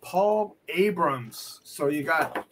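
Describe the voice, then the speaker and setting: A man's voice: fairly high pitch, expressive, extremely slow, noisy background. A man working as a comic art dealer, selling pieces on a live stream with playful, clowning banter and mock French. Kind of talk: joking live sales banter.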